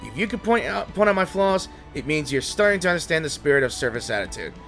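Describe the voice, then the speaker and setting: A pushy travel agent rattles off package deals and lectures about service, as a man puts him on. His voice sits fairly high for a man. His pitch moves about a lot as he talks. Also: big pitch swings, fast, a bit bright, faint music behind. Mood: lecturing. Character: smooth-talking male travel agent, pushy salesman.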